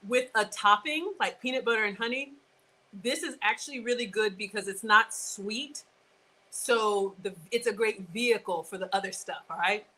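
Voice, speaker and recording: A woman hosting a live cooking stream, chatty and excitable, talking straight to her viewers. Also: medium pitch, low-quality recording. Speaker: cooking show host.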